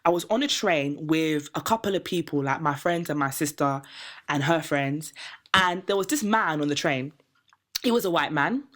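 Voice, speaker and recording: Low-voiced woman telling a story. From Nigerian heritage, raised in Britain. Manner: animated, acts out quoted people, laughs often. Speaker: podcast co-host telling a story. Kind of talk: casual storytelling chat. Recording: podcast mic, loud laughter.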